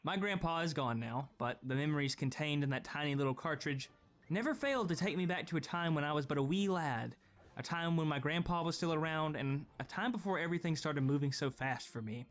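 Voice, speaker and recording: A man's voice: fairly high pitch, lively intonation, fairly quick. A young man giving scripted gaming vlog commentary, profane and sarcastic, ranting with strong opinions. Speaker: gaming video creator.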